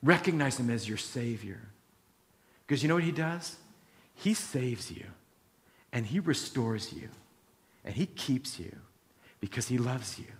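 A man delivers a sermon as a pastor, talking to the congregation like friends and acting out the things people say. His pitch sits in a middle range, and his talk moves from lively stories to quiet, earnest prayer. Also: a little slow, long pauses. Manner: conversational, acts out quoted voices, drops to soft prayer.

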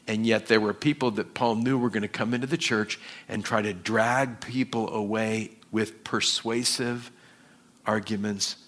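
A male pastor preaching a sermon, slowing down to stress scripture and acting out the quoted lines with lively shifts of voice. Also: fairly low pitch. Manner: animated, acts out quoted voices.

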